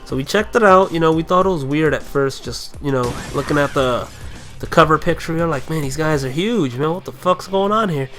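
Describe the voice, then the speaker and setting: A young man with a somewhat high voice rambles through casual gameplay commentary, swearing freely and breaking into loud martial-arts yells. Faint game music plays behind him. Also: fairly quick.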